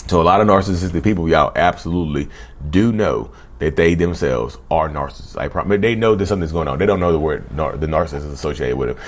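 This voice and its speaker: Deep-voiced man chatting to camera. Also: fast talker. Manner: conversational, repeats himself, often says "y'all". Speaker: channel host. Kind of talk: casual talk to camera.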